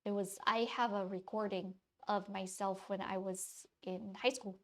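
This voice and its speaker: A woman in her thirties with a faint Wisconsin accent chats casually with her stream audience while drawing, rambling with many fillers and restarts. Her voice is medium-pitched and fairly bright, with fairly even intonation and normal speed.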